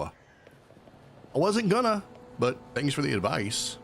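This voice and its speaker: Lively rambling man streaming a game. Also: mid-range voice, a little slow, a little hiss or hum. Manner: chatty, rambling, jokey. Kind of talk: casual gameplay commentary.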